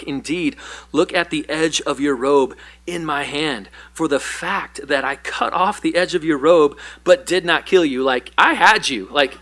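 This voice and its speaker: A male pastor gives a Bible study in a relaxed, conversational style. He often slips into paraphrased dialogue for the figures he describes. His voice sounds bright and forward. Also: mid-range voice.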